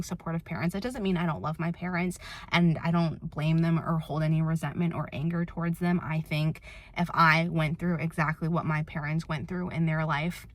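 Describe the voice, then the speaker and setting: A young woman vlogging in a candid, reflective way, with many filler words. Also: low voice. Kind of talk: personal confessional vlog.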